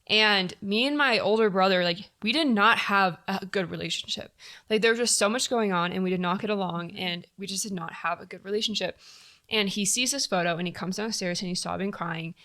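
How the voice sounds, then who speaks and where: A woman's voice: medium pitch, brisk, bright, forceful tone. A young woman telling a personal story on a podcast in a candid, casual way, full of fillers and blunt swearing. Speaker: podcast guest.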